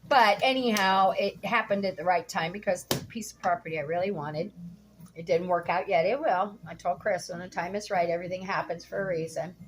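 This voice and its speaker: A woman's voice: lowish voice, fairly quick, slight background noise. Blunt, indignant middle-aged woman vlogger. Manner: blunt, indignant, swears freely. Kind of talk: casual storytelling vlog while cooking.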